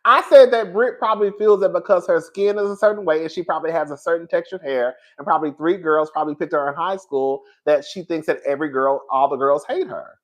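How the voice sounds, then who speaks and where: Sassy animated man reviewing reality TV. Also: fairly high pitch, quick pace, hardly any pauses. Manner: animated, sassy, laughs often, addresses viewers as girl. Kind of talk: casual opinionated commentary.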